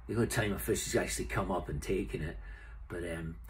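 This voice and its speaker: A middle-aged Scottish man talks casually to the camera, rambling and joking as he shows off his own fishing flies. His voice is fairly low and husky. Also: quick pace. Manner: chatty, rambling, jokey. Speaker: fly tier and seller. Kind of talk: casual vlog talk to camera. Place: camping on the road.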